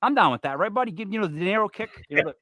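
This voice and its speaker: A man's voice: high voice, animated, rapid-fire, bright, forceful tone, no room sound. A man hosting a live podcast, rambling and teasing his co-hosts, with lots of fillers. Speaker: podcast host. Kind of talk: casual banter on a live show.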